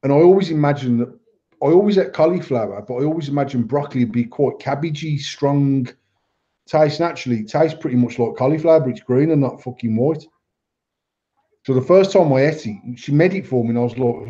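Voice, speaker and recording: A man with an English accent and medium pitch speaks briskly on a muffled recording. Hosting a podcast, he keeps the banter casual, telling sweary stories and acting out quoted dialogue with animation.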